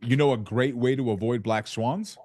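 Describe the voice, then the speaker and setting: A male sales coach leading a live training session with an emphatic, playful delivery. He acts out his side of sales calls as he teaches. His voice sits in an ordinary middle pitch. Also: normal speed, darkish tone. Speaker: real estate sales coach.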